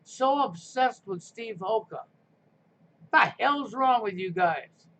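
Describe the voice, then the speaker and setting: A man's voice: sits high, expressive, slow, pushed and bright. A man hosting a live stream, delivering a combative, sarcastic rant. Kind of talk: ranting live stream monologue. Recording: muffled lo-fi stream audio with faint noise.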